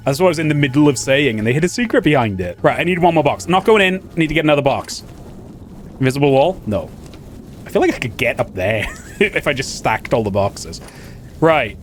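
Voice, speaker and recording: A man giving casual, excitable commentary while playing a video game, laughing often. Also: a little high, a little fast, slight background noise. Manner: excitable, laughing, chatty asides. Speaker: gaming channel host.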